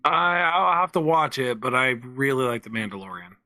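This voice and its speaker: A man's voice: mid-range voice, expressive, normal speed, sharp tone, dry recording. A man co-hosting a casual podcast, talking games in a laid-back way with short replies. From central Pennsylvania. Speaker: podcast co-host. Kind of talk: casual chat about games.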